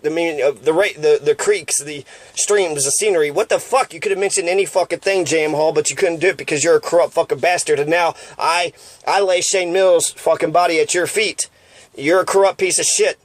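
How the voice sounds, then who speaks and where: A man rants in a fierce, profane monologue, circling back to the same points. His voice sits a bit high for a man. The sound is dry and close, with no room around it. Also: fairly even intonation, fairly quick, no room sound. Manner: profane, ranting, repeats himself. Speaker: online commentator. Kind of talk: angry monologue.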